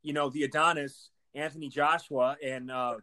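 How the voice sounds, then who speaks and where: A man in his thirties with a Wisconsin Midwest accent, hosting a podcast with enthusiasm, talking fast and using lots of fillers like "man" and "you know". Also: fairly high pitch, fairly even intonation, pushed and bright. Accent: Wisconsin Midwest American. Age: 30s. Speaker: podcast host. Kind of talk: podcast intro and interview.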